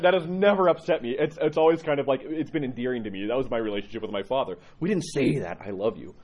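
Middle-aged man, priest, raspy voice, tells stories frankly with lots of restarts, kinda muffled audio. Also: medium pitch, animated. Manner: candid, laughing, halting restarts. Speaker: Orthodox priest. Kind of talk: personal storytelling talk.

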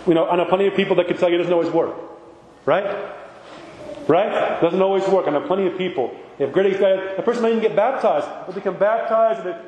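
Mellow-voiced priest in an echoey hall. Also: male voice, high-pitched. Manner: conversational, rhetorical "right?" asides. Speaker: Orthodox priest. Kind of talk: informal sermon talk. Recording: echoey hall with long reverb.

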